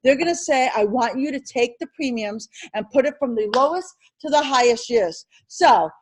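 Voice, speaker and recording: A woman's voice: high voice, husky. A woman teaching an insurance licensing class, drilling terms over and over and firing questions at her students. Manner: animated, repetitive drilling with quick questions to students. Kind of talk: classroom exam-prep lecture.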